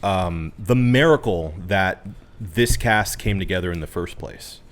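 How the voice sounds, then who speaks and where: A man's voice: sits low, unhurried. A young man co-hosting a casual movie podcast who reads from his notes, apologizes often, and keeps dropping in short agreements. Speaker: podcast co-host. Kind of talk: casual movie review chat.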